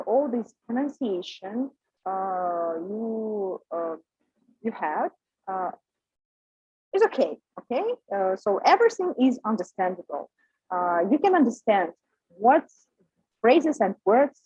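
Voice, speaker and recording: A young woman teaching a pronunciation lesson, speaking haltingly with many fillers. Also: mid-range voice, darkish tone, husky, no room sound. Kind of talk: recorded micro lesson. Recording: dry, dull lo-fi sound.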